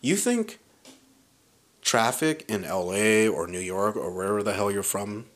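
A young man with a fairly low voice takes his time telling a wild podcast story. He curses freely, stays animated, and laughs his way through the casual storytelling.

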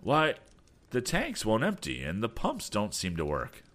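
A man voicing an eager, excitable teenage boy inventor who talks in quick exclamations in a storybook reading. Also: on the low side, pitched above the performer's own voice, full character voice. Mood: puzzled.

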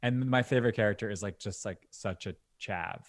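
Guy with a lowish voice gushing about tv on a podcast, dry close sound. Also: brisk, no echo. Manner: enthusiastic, chatty pop-culture fan. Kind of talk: casual chat.

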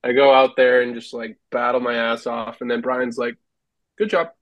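A man's voice: mid-range voice, monotone, normal speed, no room sound, lo-fi sound. A man, a former hockey goalie, telling rambling stories as a podcast guest and laughing often. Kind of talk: casual storytelling.

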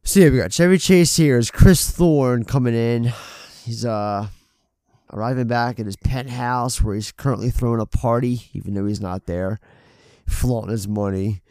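Gravelly, swearing male podcast host. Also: medium pitch, normal speed, mellow, no echo, clean studio sound. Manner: profane, rambling, self-deprecating. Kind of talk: casual chat.

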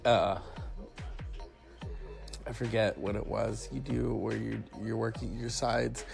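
A man with a very gravelly, creaky voice rants in a loose, sarcastic, profane way. He is fighting a cough, and faint music plays behind him. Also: on the low side, fairly even intonation, slow pace. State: sick with a cough. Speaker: host of a solo talk stream. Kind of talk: casual rant.

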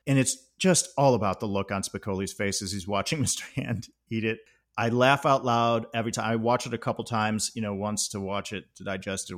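A man co-hosting a casual movie discussion, who laughs often while retelling scenes. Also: medium pitch. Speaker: podcast co-host.

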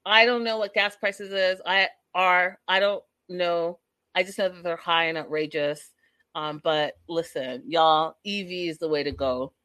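A woman's voice: fairly low pitch, fairly even intonation, measured pace, bright, forceful tone, dry recording. Gossipy woman recapping a show. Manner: gossipy, addresses viewers directly. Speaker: reality TV recap vlogger. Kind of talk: chatty recap monologue.

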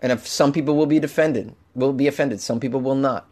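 Wired, tired comedian podcast host. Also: male voice, mid-range voice, brisk. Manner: animated, jumps between loud jokes and mutters. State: tired and over-caffeinated. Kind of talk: solo comedy podcast monologue.

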